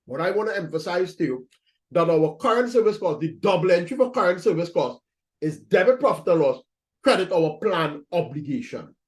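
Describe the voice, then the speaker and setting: A man's voice: high-pitched, very animated, fairly quick. A man teaching accounting in a recorded lecture, talking students through entries step by step, repeating his points and checking in with "right?". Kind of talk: screen-recorded lecture walkthrough.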